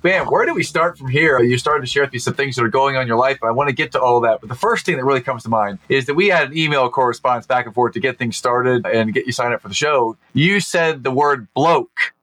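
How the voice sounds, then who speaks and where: Upbeat American podcast host, dry sound. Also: male voice, mid-range voice, quick pace, few pauses, a bit bright, no room sound. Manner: upbeat, effusive interviewer. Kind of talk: podcast hosting and ad read.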